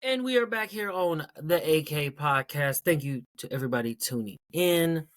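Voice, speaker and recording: A man's voice: on the high side, expressive, moderate pace, noisy background. A man hosting his own podcast in a casual solo rant, blunt and profane, repeating points for emphasis. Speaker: podcast host.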